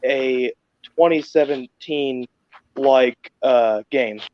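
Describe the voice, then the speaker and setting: A man's voice: medium pitch, drawn-out words, dry recording. Hesitant man on a dull call line. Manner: hesitant, many "uh"s. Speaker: caller. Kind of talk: casual chat. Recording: dull dry call audio.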